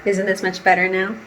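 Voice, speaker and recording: A woman's voice: mid-range voice, fairly bright tone, slight background noise, rough recording. A woman in her thirties chatting in a casual home vlog from her kitchen, upbeat and laughing often. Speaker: vlogger.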